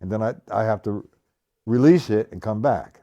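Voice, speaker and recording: Demonstrating strokes on a live stream, a drum teacher talks bluntly and emphatically, going over his points again and again. His lowish voice is mellow at a moderate pace, the audio is dull, and drum hits play behind him.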